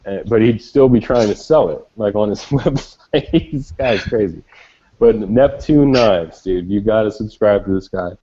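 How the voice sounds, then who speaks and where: A man's voice: lowish voice, a little slow, dark tone. A man co-hosting a casual podcast chat, rambling with enthusiasm and plenty of swearing. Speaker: podcast co-host. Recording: dull lo-fi sound.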